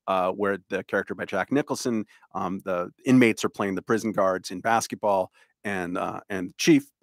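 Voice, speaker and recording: Male co-host, slightly low voice, hesitant delivery, dry sound. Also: fairly even intonation, normal speed, no echo. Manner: hesitant, many fillers. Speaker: podcast co-host. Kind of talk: casual chat.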